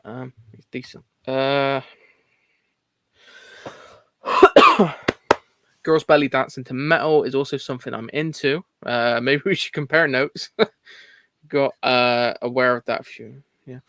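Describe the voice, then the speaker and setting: A man's voice: mid-range voice, measured pace, pauses often, fairly bright tone, no room sound. A man hosting a casual livestream chat about movies, rambling and laughing often. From England. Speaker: host.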